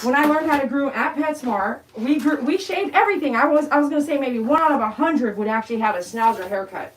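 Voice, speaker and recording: A woman's voice: high-pitched, animated, quick pace, a little hiss or hum, poor audio. A woman, a dog groomer chatting casually and bluntly while she works, talking both to the dog and to her viewers. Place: grooming room. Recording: clipper buzz behind the voice.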